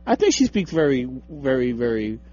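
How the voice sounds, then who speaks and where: A young man co-hosts a local radio show in a loose, joking way, teasing and laughing as he goes. His voice sits at an ordinary pitch for a man. The sound is dull and lo-fi, like a modest radio stream. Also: very animated, normal speed, dark tone. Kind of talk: casual radio banter.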